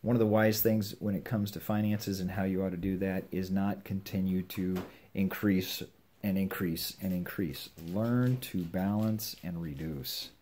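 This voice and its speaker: An older man giving earnest, measured advice on scripture to his children and grandchildren at home. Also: low-pitched, steady tone, mellow, a little hiss or hum. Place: home with a puppy nearby.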